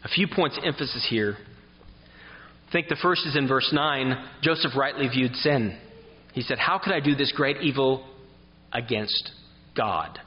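A man's voice: mid-range voice, measured pace, long pauses, long reverb tail, muffled recording. A man preaching an expository sermon who reads scripture aloud and asks his listeners questions.

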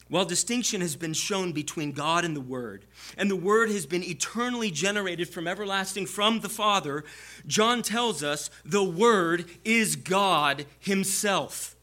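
A man's voice: fairly high pitch, animated, measured pace, sharp tone. A man preaching a sermon to his congregation, explaining scripture and building to emphatic peaks.

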